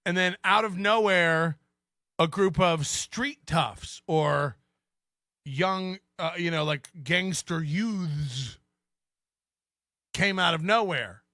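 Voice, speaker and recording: High, bright-voiced mocking male host. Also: slow, pauses often, no echo, clean studio sound. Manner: mocking, sarcastic, laughs at own remarks. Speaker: podcast host. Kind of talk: ranting commentary.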